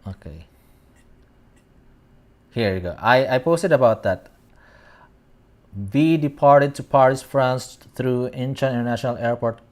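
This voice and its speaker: Slow-talking man chatting over fan posts. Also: mid-range voice, a little mellow. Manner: meandering, searching for words aloud. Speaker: host. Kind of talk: casual fan commentary reading tweets.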